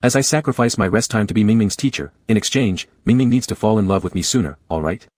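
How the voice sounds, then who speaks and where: A man voicing a gentle, quietly possessive male teacher who talks softly and coaxingly in an audio novel. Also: lowish voice, fast talker, no room sound, studio quality, natural voice.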